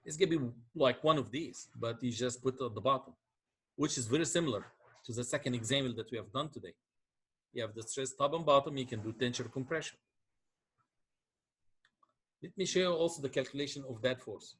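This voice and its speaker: Man lecturing with a husky voice. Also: mid-range voice, fairly quick, pauses often. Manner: explains step by step, asks checking questions. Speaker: engineering lecturer. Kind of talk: classroom lecture.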